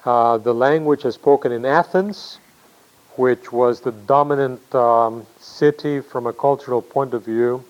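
Male lecturer, mid pitch, hesitant and explanatory, muffled lo-fi class recording. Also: a little slow. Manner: thinking aloud with many fillers and restarts; explanatory, asks himself questions.

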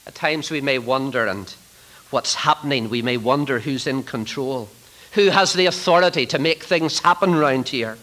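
A man preaching a sermon to trainee ministers, swinging from loud emphatic declarations to hushed, near-whispered lines. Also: mid-range voice, moderate pace, rough recording.

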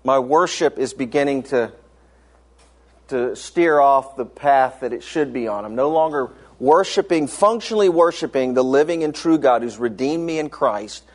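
A man's voice: mid-range voice, expressive, normal speed. A middle-aged man preaching a conversational sermon, telling personal stories with frequent fillers and restarts. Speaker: pastor.

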